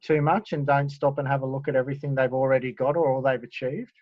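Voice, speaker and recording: A man hosts a casual interview in a mid-pitched voice, friendly and affirming as he leads the talk. The sound is dry and dull, with no room echo and a lo-fi edge. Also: steady tone, fast talker. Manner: friendly, says "mate", affirms with "mm". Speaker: host.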